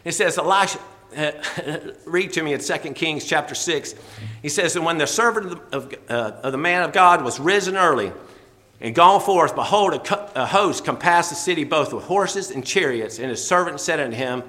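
A man's voice: on the high side, expressive, normal speed, pushed and bright, big-room sound. A man preaching a sermon in a folksy way, laughing often as he quotes scripture. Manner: folksy, laughing often, quoting scripture in old-fashioned wording.

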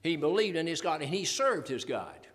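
Male preacher, high voice, emphatic sermon, rhetorical questions, long hall reverb. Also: sing-song, moderate pace, fairly bright tone.

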